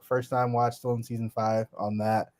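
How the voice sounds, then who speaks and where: A man's voice: mid-range voice, level tone, moderate pace, a little mellow. A man hosting a podcast in casual chat, laid-back and profane, laughing often. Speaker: podcast host.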